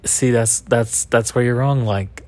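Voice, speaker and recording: A man's voice: mid-range voice, fairly even intonation, unhurried, a little mellow. A man co-hosting a casual podcast chat with his wife, playful and teasing, laughing often. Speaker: podcast co-host.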